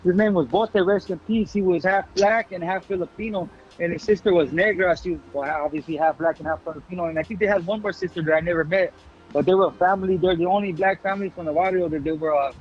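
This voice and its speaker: A man in his forties telling stories fast in a casual interview, heavy on street slang and swearing. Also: high-pitched, dull audio. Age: 40s. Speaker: guest.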